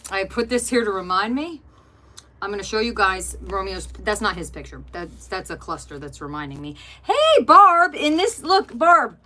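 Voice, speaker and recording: A woman's voice: mid-range voice, fairly bright tone, a little hiss or hum. A middle-aged woman hosting an art journaling channel, chatting casually while flipping through her journal and greeting viewers by name.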